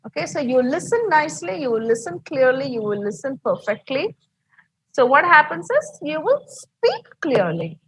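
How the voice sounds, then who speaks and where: A woman's voice: high-pitched, expressive, moderate pace, a bit bright, slightly rough, low-quality recording. A woman with an Indian English accent teaching an online English class, explaining patiently and repeating herself, heard over a video call.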